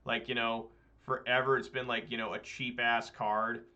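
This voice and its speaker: Bright-voiced man commenting on his game. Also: mid-range voice, level tone, normal speed, dull audio. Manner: chatty, swears when frustrated with his deck. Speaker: streamer playing an online card game. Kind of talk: casual gameplay commentary.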